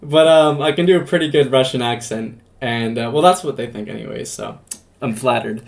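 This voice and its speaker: A man's voice: mid-range voice, big pitch swings, normal speed, creaky. A male podcast host in casual chat with a small game team. He talks loosely, restarts his questions, and laughs often. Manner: laughs easily, rambling questions.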